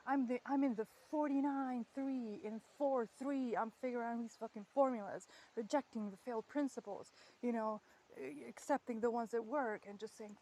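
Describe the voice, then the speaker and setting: A woman's voice: a little high, fairly even intonation, a little fast, mellow, rough recording. A woman speaking her thoughts aloud in a candid spoken audio diary, rambling, swearing often and laughing as she goes. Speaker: vlogger. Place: outdoors on a walk.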